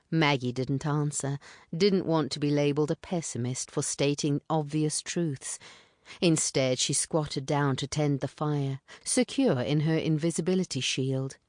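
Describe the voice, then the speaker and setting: A woman reading literary fiction aloud as an audiobook narrator, in a measured, even way. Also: sits low, no echo, studio quality.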